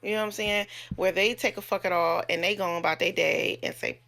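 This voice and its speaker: Low gravelly-voiced woman vlogging. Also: fairly even intonation, brisk, fairly bright tone. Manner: candid, profane, chatty. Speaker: nurse and vlogger. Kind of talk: casual storytelling to camera.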